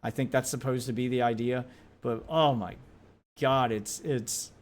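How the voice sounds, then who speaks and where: An American man delivers casual reaction commentary in a blunt, sarcastic way, swearing often. His voice sits at an average pitch. He speaks with offhand, unpolished candor. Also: fairly even intonation, unhurried. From United States.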